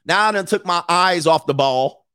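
A man with a high-pitched, bright, forceful yet smooth voice hosts a life-coaching livestream at a moderate pace, ranting bluntly and profanely. He laughs between points, repeats phrases, and answers viewers' super chats, all in clean studio sound with no room tone.

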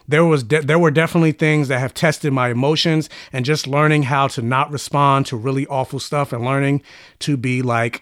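A man co-hosting a casual podcast, talking in a relaxed, matter-of-fact way and often quoting others. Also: mid-range voice, fairly quick, no room sound, studio quality. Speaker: podcast co-host. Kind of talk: casual chat.

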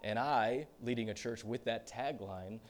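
A male pastor preaching a sermon in a storytelling manner, dropping to hushed confessional tones and then rising into loud, animated bursts. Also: medium pitch, measured pace, slight background noise.

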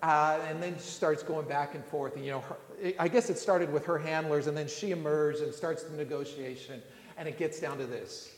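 A man's voice: on the high side, steady tone, moderate pace. A man telling stories in a sermon, rambling with frequent restarts and fillers. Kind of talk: sermon storytelling. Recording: echoey hall with long reverb.

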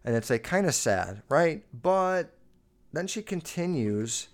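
A young man holds forth alone on his podcast in a casual, swear-filled rant. His voice sits slightly high for a man, and he hammers his points home with emphasis. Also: very animated, slow. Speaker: podcast host. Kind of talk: solo podcast monologue.

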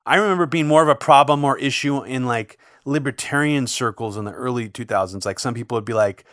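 A man's voice: medium pitch, a little fast, fairly bright tone, dry recording, clean studio sound. A man in casual political chat, speaking thoughtfully and hedging with frequent fillers.

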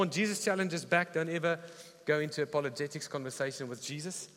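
A man preaching a sermon, retelling a story with animated, emphatic delivery. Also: on the high side, fast talker. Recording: reverberant hall with faint music.

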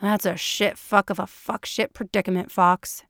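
A woman voicing a brash, crude-talking man who speaks bluntly and a bit louder. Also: mid-range voice, little pitch movement, normal speed, no room sound, clean studio sound, close to an everyday voice.

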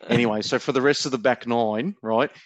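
A man's voice: mid-range voice, fairly even intonation, a little fast, dry recording. Teasing Australian man telling a story. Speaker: podcast co-host. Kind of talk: casual storytelling banter.

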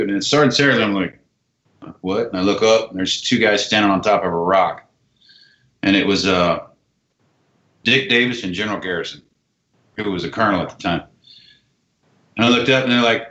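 A man's voice: fairly low pitch, moderate pace, long pauses, pushed and bright. A man, an army veteran guest, telling a story in casual talk, acting out dialogue and swearing casually. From United States. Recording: roomy, dull lo-fi sound.

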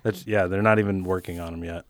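A man's voice: sits low, steady tone, fast, dry recording. A man co-hosting a casual podcast, laid-back, chiming in with short remarks and dry jokes. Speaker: podcast co-host. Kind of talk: casual chat.

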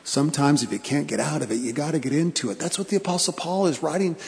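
A man pastor delivering a sermon in a church, telling stories with pauses for emphasis and repeated phrases. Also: a little high, creaky, darkish tone. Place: church sanctuary. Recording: long church reverb.

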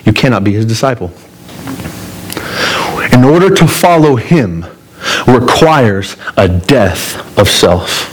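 A man from Colorado preaching a sermon, telling a personal story and acting out his own panic in a strained, high voice. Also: lively intonation, slow pace, pauses often, breathy edge, rough recording. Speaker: pastor.

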